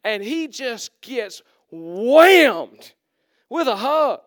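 A male pastor preaching a sermon, acting out the characters and swinging from loud to hushed. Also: very high-pitched, sing-song, very slow, no echo, clean studio sound.

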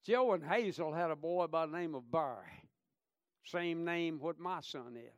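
High-pitched fervent preacher man. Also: unhurried, no room sound, highs cut off. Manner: fervent preaching that drops into quiet storytelling. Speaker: pastor. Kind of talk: sermon.

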